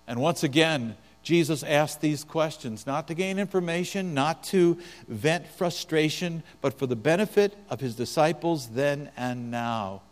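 A fairly high-pitched man preaches a sermon, dropping to near-quiet and then building to loud, drawn-out emphasis. His voice carries a long reverb, as if from a large church sanctuary, with a low mains hum underneath. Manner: preaching with swings from soft to loud. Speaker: pastor.

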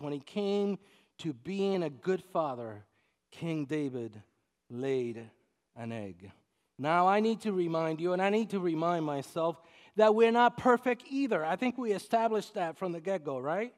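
Middle-aged male pastor, high voice, animated storytelling sermon, loud-soft swings. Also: unhurried. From Puerto Rico.

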